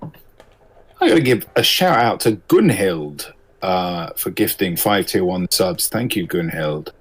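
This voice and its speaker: A man co-hosting a livestream, reading chat, chiming in agreeably and giving shout-outs to viewers. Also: low voice, sing-song, slightly rough. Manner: agreeable, quick to chime in, gives shout-outs.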